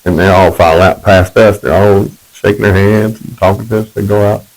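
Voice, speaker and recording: A man's voice: fairly low pitch, level tone, a little fast, poor audio. A man telling his personal testimony in a rambling, conversational way, correcting himself as he goes.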